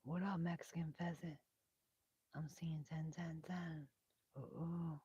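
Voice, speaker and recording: A soft-spoken woman reading tarot on a live stream, with a breathy, whispery voice that drifts into whispers and carries lasting damage from intubation. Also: low-pitched, steady tone, slow pace, highs cut off. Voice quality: breathy, whispery, hoarse-edged voice. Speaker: tarot reader.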